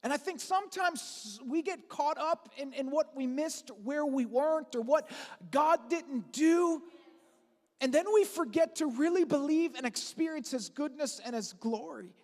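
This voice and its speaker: Pastor, easter sermon, chatty and energetic, uh-filled asides, long hall reverb. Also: high-pitched, unhurried. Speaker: lead pastor. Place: large church auditorium.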